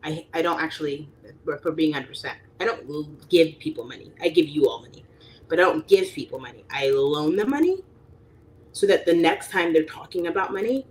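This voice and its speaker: A woman's voice: sits low, lively intonation, a little fast, a little hiss or hum. A young adult woman hosting a livestream, chatting casually and rambling with lots of fillers, reading chat and acting out quoted people.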